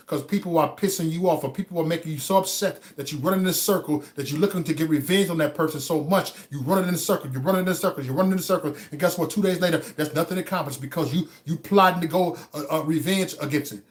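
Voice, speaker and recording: A man hosting a livestream, giving a motivational talk to his chat. He repeats phrases over and over and stammers on single words, swinging between hushed musing and loud preaching. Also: a little high, fast talker, hardly any pauses. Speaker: livestream host.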